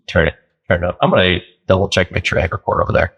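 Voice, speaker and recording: Low-voiced man in dry podcast banter. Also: flat delivery, rapid-fire, creaky, lo-fi sound. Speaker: podcast co-host, the other's boss. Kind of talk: casual chat.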